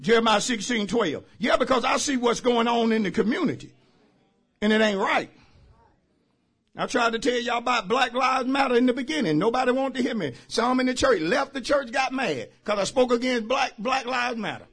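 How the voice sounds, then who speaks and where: A man preaching a sermon as pastor. He drives his points with shouted phrases and repeated calls to the congregation. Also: very high-pitched, lively intonation, moderate pace, breathy edge. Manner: emphatic call-and-response preaching, shouting key phrases. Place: church service.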